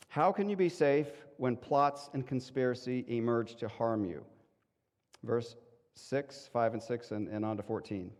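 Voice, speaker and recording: A male pastor preaching in a casual, animated way, acting out quick voices of the people in the story. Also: fairly high pitch. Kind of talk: conversational sermon. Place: church sanctuary. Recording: long hall reverb.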